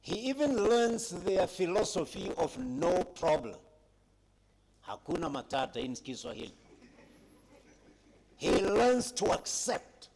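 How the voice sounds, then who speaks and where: A man giving a public speech at a heritage conference, retelling a story dramatically with emphatic pauses and addressing young people. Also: high voice, creaky, darkish tone, husky.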